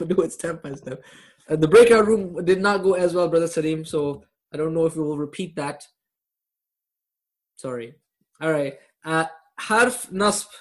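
Guy teaching grammar online over a video call, asks the class questions, chuckles at his own jokes. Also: fairly high pitch. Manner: quizzes students, jokes and laughs at his own jokes.

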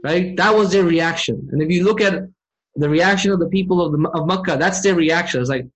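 A man teaching an online Arabic grammar class, often asking his students questions and reciting verses quickly. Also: on the high side, rough recording. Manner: engages students with frequent questions.

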